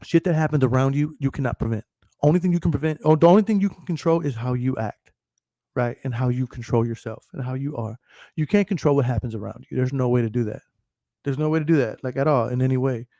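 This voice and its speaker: Speaking fast in a mellow, mid-range voice, this man hosts a podcast and rants casually with plenty of profanity, rambling and frequent laughter. "You know what I'm saying" comes up again and again, and the recording is dry and studio quality.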